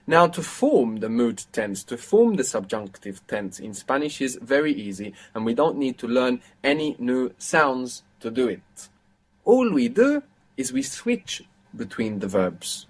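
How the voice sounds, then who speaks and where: A man teaching a live online language lesson, patiently explaining grammar and quizzing his students with questions. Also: medium pitch.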